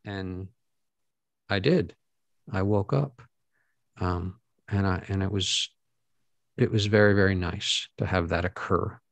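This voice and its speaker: A middle-aged man, a guest speaker, earnestly telling a personal story to an audience, halting often with fillers and restarts. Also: low voice, creaky, no echo.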